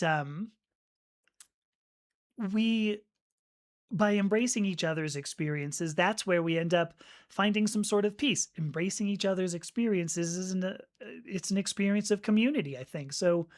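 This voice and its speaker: A woman's voice: fairly low pitch, a little slow. A woman hosting a live stream, chatting casually and reflectively as she reads and answers viewer comments, with restarts and small laughs. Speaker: livestream host reading viewer comments.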